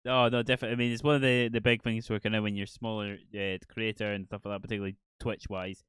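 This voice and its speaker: A man's voice: on the low side, little pitch movement, fast, fairly bright tone, smooth, dry recording. A man hosting a casual podcast chat, rambling and self-deprecating, laughing often. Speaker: podcast host.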